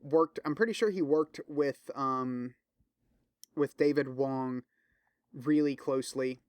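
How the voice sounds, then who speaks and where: A man with a mid-range, clear, resonant voice speaks slowly, with no room sound. Hosting his own podcast, he rambles casually in a loose, profane, filler-heavy way full of restarts. He eagerly and enthusiastically recommends things in this solo chat.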